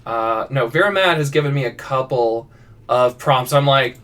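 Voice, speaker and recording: Expressive and fairly bright, this mid-range male voice moves at a moderate pace. He's a fiction writer live-streaming, rambling through viewer prompts with frequent restarts and self-deprecating asides, his voice somewhat distant from the mic.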